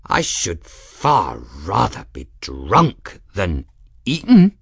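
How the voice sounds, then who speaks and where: A man voicing an eccentric, pompous old male scholar-mage in a storybook, lofty and theatrical, with big leaps in pitch. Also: huge pitch swings, drawn-out words, gravelly, slightly rough, dry recording, clean studio sound, heavily acted. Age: older.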